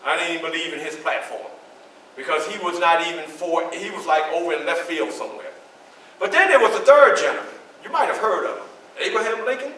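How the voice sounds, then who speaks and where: A spirited, proud statesman, as a man acts him out tells his story in first person and keeps turning to address listeners. His voice sits high and bright. It comes from a distance in a very reverberant library hall with a faint hiss. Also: fairly quick. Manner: animated, addresses the audience directly. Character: Frederick Douglass, proud male orator and statesman. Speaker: historical reenactor. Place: library event room, indoors.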